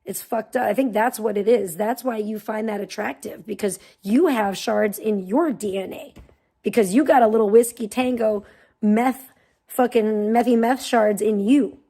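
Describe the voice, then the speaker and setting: A woman's voice: a little high, normal speed, warm tone. A woman hosting a livestream, delivering a profane, mocking rant of commentary. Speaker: livestream host.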